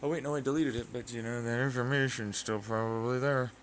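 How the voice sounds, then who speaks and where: An American man from Arizona rambles through a casual monologue, leaning on fillers and jumping from one idea to the next. His pitch sits mid-range, and faint noise runs under the recording. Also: fairly even intonation, fairly quick. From Arizona, United States. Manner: rambling, full of fillers, jumps between ideas. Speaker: vlogger.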